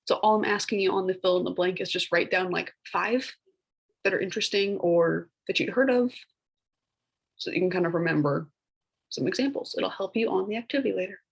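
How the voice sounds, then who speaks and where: A woman's voice: mid-range voice, a little fast, vocal fry, husky, low-quality recording. A young woman teacher, talking through a recorded lesson in a casual, chatty way with many filler words and playful put-on voices for old phrases. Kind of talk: recorded classroom lecture.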